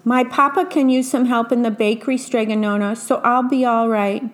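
A woman voicing a spirited young woman who is quick to take offense. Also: a little high, fairly even intonation, lightly acted. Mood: cheerful. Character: spirited young woman, baker's daughter, hot-tempered.

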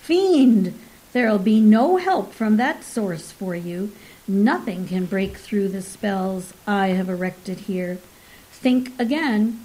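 A boastful male conjurer from Elizabethan times, declaiming in old-fashioned speech at a slow, deliberate pace, as a woman reading a story puts him on. The delivery is commanding. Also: mid-range voice, fairly even intonation, darkish tone, close to an everyday voice, poor audio. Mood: gloating. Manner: archaic, declaiming.

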